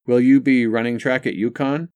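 A man's voice: medium pitch, fairly even intonation, moderate pace, darkish tone, no room sound, voice pushed up, natural voice. An audiobook narrator, a man, voicing an earnest young woman student in a story, asking eager questions.

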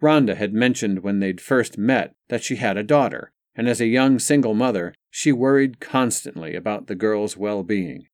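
A man narrating an audiobook in a steady, even reading style. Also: fairly low pitch, moderate pace, hardly any pauses, no echo, clean studio sound.

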